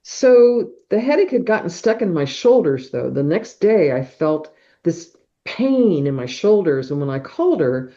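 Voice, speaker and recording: Middle-aged woman, mellow voice, animated storyteller. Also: fairly low pitch, a little slow, hardly any pauses. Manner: animated storyteller who acts out sounds like whooshes and claps. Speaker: podcast guest. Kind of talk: personal storytelling in an interview. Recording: dull, muffled podcast audio.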